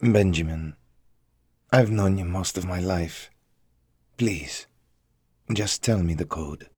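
A man voicing a menacing, resentful male betrayer who speaks low and controlled with quiet bitterness. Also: slow pace, husky, no echo, studio quality, heavily acted. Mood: bitter.

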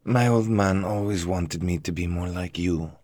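A man voicing a menacing, resentful male betrayer who speaks low and controlled with quiet bitterness. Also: normal speed, no room sound, clean studio sound. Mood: bitter.

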